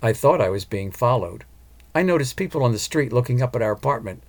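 A man's voice: mid-range voice, lively intonation, fairly quick, darkish tone. A man voicing an earnest, determined woman opera singer and mother in an audiobook. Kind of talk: audiobook character voice.

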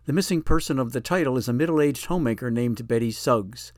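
A man's voice: medium pitch, fairly quick, no room sound, studio quality. A man, the author, giving a plain, matter-of-fact scripted introduction to his audiobook.

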